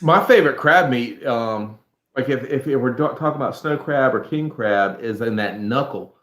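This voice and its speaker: A man's voice: mid-range voice, animated, moderate pace, fairly bright tone. Laid-back man, echoey room. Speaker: guest. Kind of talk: casual livestream chat.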